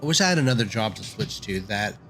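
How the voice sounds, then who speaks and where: A man's voice: lowish voice, very animated, quick pace, a bit bright, faint music behind. A man streaming a game, giving casual gameplay commentary with chatty, self-deprecating asides.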